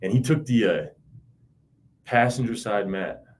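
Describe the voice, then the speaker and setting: Low-voiced man telling a story. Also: unhurried, slight background noise. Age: 30s. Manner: rambling and profane, with frequent "you know". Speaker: interviewee. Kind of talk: casual spoken recollection.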